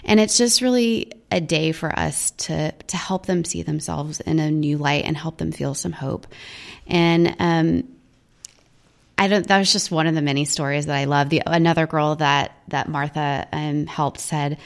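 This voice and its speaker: A woman with a low voice and a gravelly, fry-heavy edge talks casually in a studio. She rambles warmly through stories, leaning on "um" and "like" and acting out what people said. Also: measured pace. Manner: chatty, filler-heavy, quotes people. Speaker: guest, charity event organizer. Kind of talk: casual storytelling interview.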